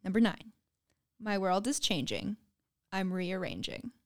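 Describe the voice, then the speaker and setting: A woman's voice: medium pitch, sing-song, measured pace. A young woman hosting a casual Christmas song quiz with friends, teasing and humming lyric snippets as hints. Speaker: quiz host. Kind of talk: casual game chat.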